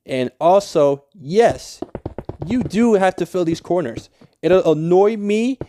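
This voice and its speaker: A man's voice: sits high, animated, slow, warm tone, slight background noise. A young man talking through a game tutorial in a casual, rambling way, swearing often and easily annoyed. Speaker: Minecraft tutorial creator. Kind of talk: casual gameplay tutorial voice-over.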